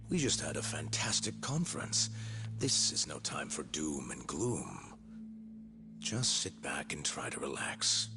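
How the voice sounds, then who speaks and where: A man's voice: fairly low pitch, noisy background. An actor playing a proud, hot-tempered male research center director in dubbed game dialogue. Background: dramatic game music.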